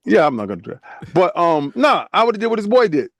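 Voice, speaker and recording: A high-pitched man from the United States talking in a casual, emphatic way, hammering his points home. The sound is dry and close. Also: big pitch swings, fairly quick, no room sound. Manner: emphatic, repeats phrases. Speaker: podcast co-host. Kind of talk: casual podcast chat.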